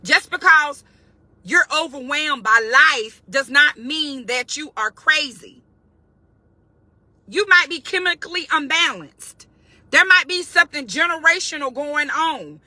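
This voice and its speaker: Woman, high bright voice, emphatic spiritual pep talk, repeats herself for emphasis. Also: animated, measured pace, dry recording. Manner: emphatic and conversational, repeats key phrases. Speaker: faith-based motivational speaker. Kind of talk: informal spiritual encouragement talk.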